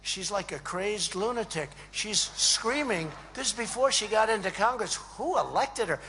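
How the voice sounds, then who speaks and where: A man's voice: high voice, expressive, normal speed, pushed and bright, slight background noise. A man giving a rambling, emphatic rally speech to a crowd, repeating phrases and acting out quoted dialogue. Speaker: speaker at a political event. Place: large event hall.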